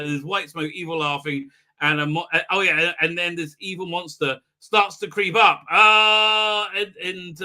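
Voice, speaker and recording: A live stream host with a slightly high, pushed and bright voice recaps an episode. He rambles sarcastically with many fillers, making fun of the characters and breaking into impressions of them mid-sentence.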